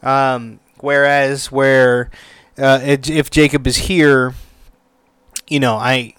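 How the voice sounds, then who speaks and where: A young man rambles through a solo podcast episode in an easygoing, unscripted way, full of fillers and restarts. His voice is smooth and resonant, at a middling pitch. The recording is close and dry. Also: little pitch movement, takes it slowly, fairly bright tone, no room sound. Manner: rambling, many fillers and restarts, casual swearing. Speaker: podcast host. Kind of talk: casual solo podcast talk.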